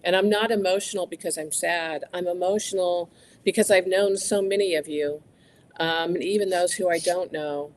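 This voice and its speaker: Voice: medium pitch, fairly even intonation. Choked-up speaker on the verge of tears. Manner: halting and heartfelt, many ums and restarts. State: near tears.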